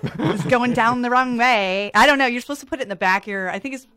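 A woman's voice: fairly high pitch, fast, sharp tone, clean tone, no room sound. A woman hosting a community radio show, playful and teasing in casual chat, often laughing. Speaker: radio host.

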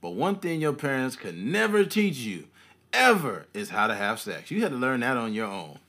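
A man's voice: mid-range voice, normal speed. A young man, a podcast co-host, chatting casually and acting out the people in his stories. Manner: animated storyteller, acts out quotes. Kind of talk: casual chat.

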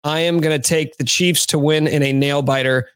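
A man's voice: on the high side, steady tone, normal speed, smooth, dry recording. A man hosting a sports podcast, chatting casually with a wry, sarcastic edge.

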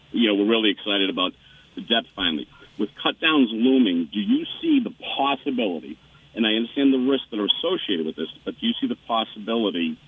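A man with a Boston accent calls in over a thin, phone-like line. His voice is husky and sits fairly low, and he picks his words slowly, leaning on fillers. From Boston area. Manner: hesitant, many fillers. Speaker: caller. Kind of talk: call-in question.

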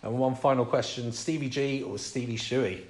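A man hosting a podcast, firing off quick questions in a brisk, friendly way. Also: mid-range voice, fairly even intonation, reverberant, a little hiss or hum. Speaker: podcast host.

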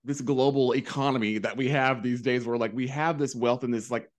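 A man's voice: mid-range voice, steady tone, a little fast. This is a man guesting on a casual podcast, talking over a reality show. His voice sits in an ordinary middle range. He gives strong opinions with a sarcastic edge and swears freely. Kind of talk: casual recap chat.

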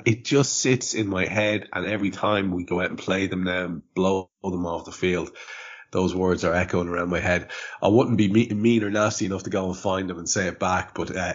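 Man, host of a fan podcast; very low, husky, loose and rambling, dull lo-fi audio. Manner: animated, rambling, swears, many restarts. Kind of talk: casual podcast chat.

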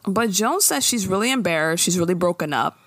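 A woman recaps a show in casual chat, her pitch sitting a bit low but swinging widely as she acts out lines. The sound is dry and close. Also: brisk, dry recording. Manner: animated storytelling, acting out characters' lines with laughs. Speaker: podcast co-host recapping a TV episode.

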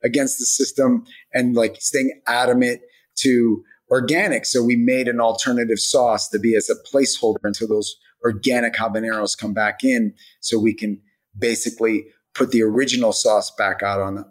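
A man's voice: mid-range voice, level tone, moderate pace, low-quality recording. Rambling man talking about his business. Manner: rambling, lots of "like" and "you know" fillers. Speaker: hot sauce brand founder, guest. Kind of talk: casual podcast interview.

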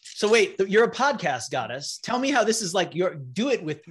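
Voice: medium pitch, very animated, fairly quick, husky. A game master narrating a tabletop game, setting scenes in a playful, vivid way.

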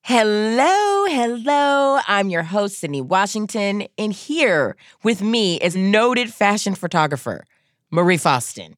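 A woman in her thirties hosting a podcast, chatting and telling stories with a joking, animated manner. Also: medium pitch, measured pace, no echo, studio quality. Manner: lively, joking, animated storytelling. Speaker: podcast host. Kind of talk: casual comedic chat.

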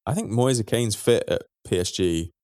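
Low-voiced guy on a football podcast, laid back and thoughtful, dry sound. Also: normal speed, mellow, no echo. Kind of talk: casual chat.

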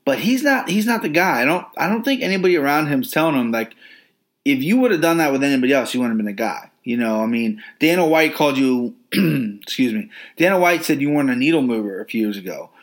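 A man's voice: medium pitch, animated, fast talker. A man hosting a podcast, giving brash, profane, opinionated commentary on fighters. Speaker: podcast host.

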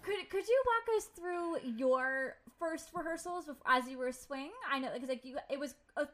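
High-voiced woman interviewer. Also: normal speed, fairly bright tone. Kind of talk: casual interview.

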